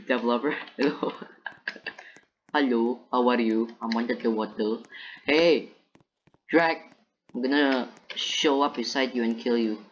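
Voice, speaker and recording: Jumpy low-voiced woman gaming. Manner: jumpy, panicky, talks to herself and her opponent. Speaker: gameplay commentator. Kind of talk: live gameplay commentary. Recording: dull lo-fi mic with faint noise.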